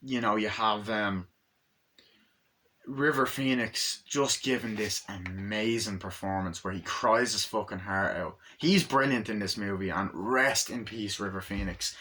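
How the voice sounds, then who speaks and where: Bright, low-voiced man reviewing films. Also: measured pace, slight background noise. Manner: rambling, swears often, acts out scenes in voices. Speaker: movie reviewer. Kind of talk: casual spoken film review.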